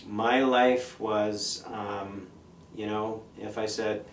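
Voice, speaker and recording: A middle-aged man, a punk musician being interviewed, talking in a blunt, profane, animated way. He tells stories in a casual monologue. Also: lowish voice, drawn-out words. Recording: echoey room, mic at a distance, faint noise.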